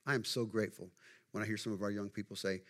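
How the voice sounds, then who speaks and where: Middle-aged pastor, folksy sermon delivery, chats with the congregation. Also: male voice, fairly low pitch, steady tone, fast talker. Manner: conversational, folksy, asks the congregation questions.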